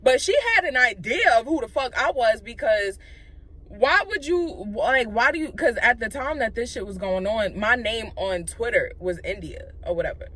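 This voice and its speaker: A young adult woman vlogger telling a casual, profane story, animated and full of fillers. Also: on the high side, moderate pace.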